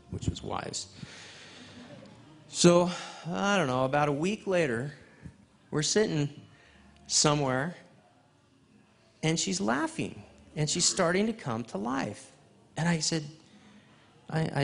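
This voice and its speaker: A man preaching at a men's fellowship, telling a personal testimony in an animated storytelling way and acting out conversations. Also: a little high, vocal fry. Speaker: guest speaker at a men's fellowship. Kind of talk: testimony sermon.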